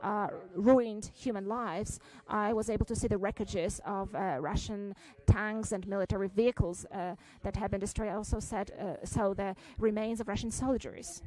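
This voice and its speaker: A woman giving a simultaneous interpretation at a press conference, halting, with frequent fillers and restarts. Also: medium pitch, fairly even intonation, darkish tone, poor audio.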